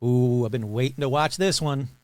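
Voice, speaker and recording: A man's voice: mid-range voice, normal speed, darkish tone, no echo. A man hosting a paranormal podcast, reading news items aloud and adding casual joking asides. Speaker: podcast host.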